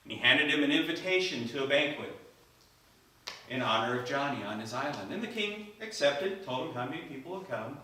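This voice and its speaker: Male storyteller, animated, live event, bright tone, reverberant hall. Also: mid-range voice, a little fast. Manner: animated, acts out the characters' lines. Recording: echoey hall, voice from a distance.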